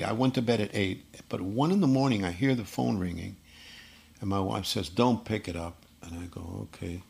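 A man from Puerto Rico, a guest musician telling animated stories in an interview, often repeating words. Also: deep voice, creaky, husky. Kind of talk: storytelling interview.

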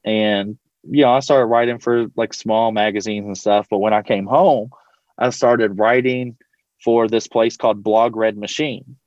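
A man's voice: lowish voice, steady tone, measured pace, a little mellow, no room sound. Casting a Louisville man as a podcast guest, a teacher-coach spinning a loose, rambling anecdote full of fillers. Muffled, dry recording. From Louisville, Kentucky. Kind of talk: casual storytelling.

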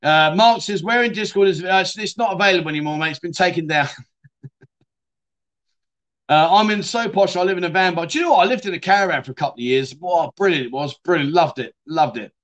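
A man's voice: sits high, quick pace, a bit bright. A man hosting a casual livestream, reading out viewer comments and chatting back with frequent "mate" and the odd swear word. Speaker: livestream host.

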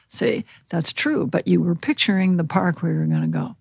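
A woman with a husky, gravelly voice speaks calmly as a podcast guest, gently walking the listener through how to do things. The sound is dry and close, with no room around it. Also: fairly low pitch, a little fast, hardly any pauses, no echo. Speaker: animal communication counselor. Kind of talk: podcast interview, guided visualization.

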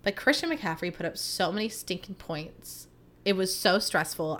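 A woman's voice: medium pitch, moderate pace. A woman in her thirties hosting a podcast, chatting casually and animatedly, saying "like" a lot. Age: 30s. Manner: chatty, animated storytelling, heavy use of "like". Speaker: podcast host. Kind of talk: casual chat.

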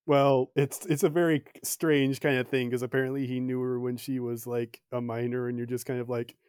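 Relaxed male guest, mellow even voice, dry close mic, thoughtful and hedging. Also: mid-range voice, brisk, clean tone, no echo. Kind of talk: casual film discussion.

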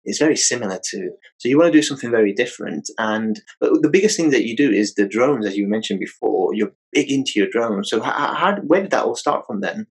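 A man's voice: mid-range voice, lively intonation, brisk, hardly any pauses, husky, rough recording. A British man hosting a casual interview, rambling a little and often saying "you know.". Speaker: podcast host.

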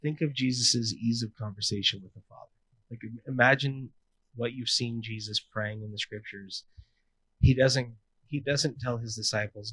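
A man in his thirties preaches in a relaxed, conversational way. He slips into playful asides. His voice sits at an ordinary middle pitch. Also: moderate pace, slightly rough, no room sound, poor audio. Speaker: pastor. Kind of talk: sermon.

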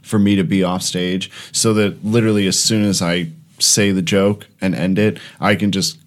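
A man's voice: sits low, little pitch movement, moderate pace. A male stand-up comedian in a casual chat, speaking hesitantly and with self-deprecation.

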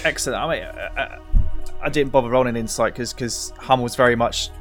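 Man, tabletop player, casual, stumbling, mid pitch, faint music. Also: a little fast, fairly bright tone. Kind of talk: tabletop role-play.

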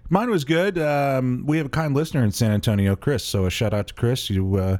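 A man's voice: medium pitch, a little fast, darkish tone. A man hosting a podcast in a casual chat, joking at his own expense and laughing often. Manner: jokey, self-deprecating, laughs often. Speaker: podcast host.

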